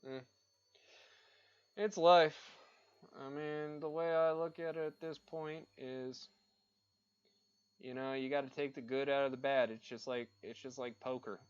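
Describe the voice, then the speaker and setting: A man's voice: mid-range voice, fairly even intonation, unhurried, pauses often, smooth. Man, casual livestream chat, swearing, opinionated rambling, muffled lo-fi sound. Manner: profane, ranting, opinionated. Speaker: livestreamer painting on stream.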